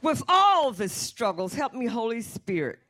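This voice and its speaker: A woman's voice: on the high side, big pitch swings, a little slow, a bit bright. A woman preaching a fervent sermon and calling on the Holy Spirit as she speaks.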